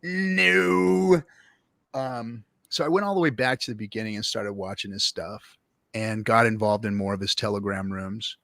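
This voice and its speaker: A man's voice: lowish voice, brisk, fairly bright tone, no echo. A man guest telling his story in a casual, rambling and profane way, full of fillers and restarts.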